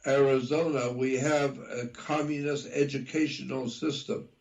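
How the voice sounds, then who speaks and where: Gravelly guy talking real slow, goes over the same details again and again, interview guest. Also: mid-range voice, fairly even intonation, darkish tone, dull audio. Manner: slow, deliberate, repeats details for emphasis; spells out words letter by letter. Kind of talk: conversational interview.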